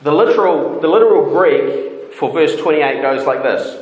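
A man preaching an expository sermon in an earnest, emphatic way, with dramatic pauses. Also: fairly high pitch, expressive, a little mellow, dull audio. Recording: echoey hall with long reverb.

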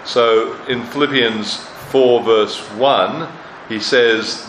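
A man's voice: mid-range voice, steady tone, drawn-out words, a bit bright. A man preaching a sermon as pastor, emphatic, repeating lines for stress and putting questions to his hearers. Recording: roomy hall sound with faint noise.

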